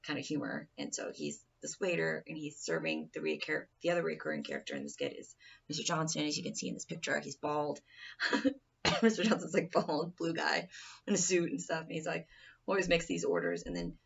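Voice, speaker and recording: Very gravelly, husky speaker from afar. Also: mid-range voice, expressive, brisk. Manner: rambling, casual, with frequent restarts. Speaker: speaker giving a presentation. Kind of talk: informal presentation speech. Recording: distant, dull lo-fi recording.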